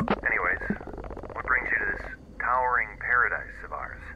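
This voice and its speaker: Man voicing a folksy fire lookout, chatty, lively pitch, crackly radio, game dialogue. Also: normal speed, highs cut off, close to an everyday voice. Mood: friendly.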